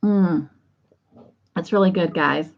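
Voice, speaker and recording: A woman hosting a crochet livestream, chatting casually and warmly with viewers and often breaking into laughter. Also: lowish voice, slow pace, gravelly, dull audio. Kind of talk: casual chat to live viewers.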